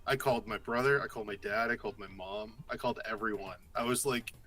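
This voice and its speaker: A man co-hosting a casual chat, telling a story in an animated way and swearing freely. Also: fairly low pitch, quick pace. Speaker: podcast co-host.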